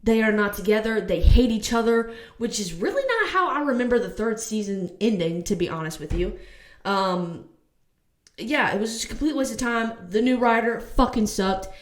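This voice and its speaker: A woman's voice: fairly high pitch, big pitch swings, normal speed, echoey room. A woman vlogger giving a casual TV review, ranting heatedly and swearing.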